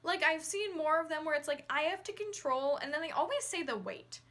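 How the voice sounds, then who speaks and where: Bright, sarcastic young-sounding woman vlogger. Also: high voice, lively intonation, fairly quick. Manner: sarcastic, says "like" often. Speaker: horse-riding vlogger. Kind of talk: casual reaction commentary.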